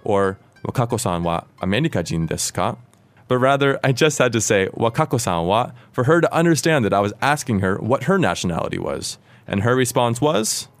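A man from the United States, a native English speaker, hosts a lesson and patiently lays out Japanese grammar with clear explanations. His medium-pitched delivery is very animated and a little fast, with faint music behind it.

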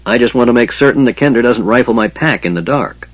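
A man's voice: mid-range voice, lively intonation, fast, dry recording, highs cut off, lightly acted. A man doing a grumbling old dwarf. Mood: snappish. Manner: grumbling, snappish.

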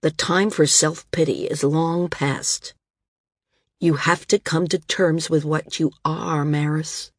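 Woman reading as a blunt aging healer man, reproachful, lowish husky voice. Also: steady tone, slow, dry recording, clean studio sound, full character voice. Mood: stern.

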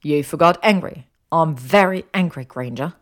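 A woman's voice: sits low, normal speed, close to an everyday voice. Draco Malfoy, a dry sarcastic wizard, as a woman reads him. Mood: sardonic. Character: sardonic young male wizard, cocky and angry. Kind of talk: audiobook character voice.

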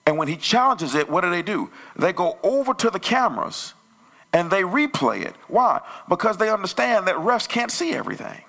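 A male pastor telling a story in a conversational sermon that grows loud and animated. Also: sits high, normal speed, creaky. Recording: church sermon audio.

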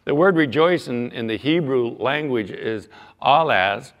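A man preaching a sermon as pastor, earnest, building louder on scripture readings and dropping low at the ends of phrases. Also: lively intonation, measured pace, lo-fi sound. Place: church sanctuary. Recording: long hall reverb.

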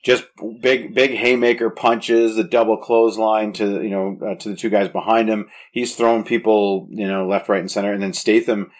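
A man with a fairly low voice talks through an action movie in casual conversation. He's eager and keen, often restarting mid-sentence as he goes. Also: level tone, normal speed, few pauses.

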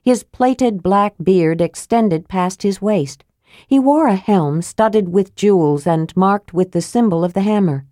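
A woman narrating a fantasy audiobook in a steady, measured reading voice, close to the mic. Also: mid-range voice, no room sound.

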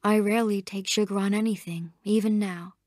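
A woman's voice: mid-range voice, a little fast, dry recording, studio quality, lightly acted. A woman reading as a sober, composed young woman. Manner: sober, even-toned.

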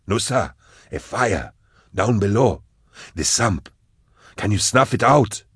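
A man's voice: fairly low pitch, animated, slow pace, fairly bright tone, breathy edge, no room sound, studio quality, full character voice. A man voicing a hard male schemer who gives curt orders. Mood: grim.

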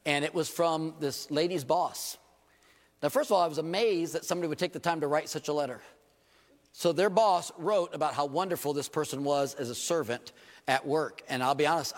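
A male pastor, preaching an animated sermon full of rhetorical questions and self-deprecating humor. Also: a little high. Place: church sanctuary. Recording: long reverb of a church hall.

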